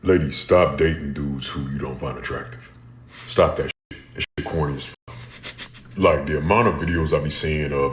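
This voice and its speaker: A very deep-voiced man rants bluntly, his speech loaded with slang and swearing. The sound carries a noticeable room echo, as in a clip he filmed himself. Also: moderate pace. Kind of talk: casual social media rant.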